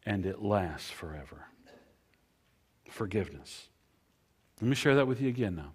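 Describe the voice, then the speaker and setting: A man delivers a sermon in a husky, slightly low voice. He leans on repetition, building phrases up loudly and then letting them fall to a near hush. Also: expressive, brisk. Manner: preacher cadence, repetitive, swings from loud to hushed. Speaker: pastor.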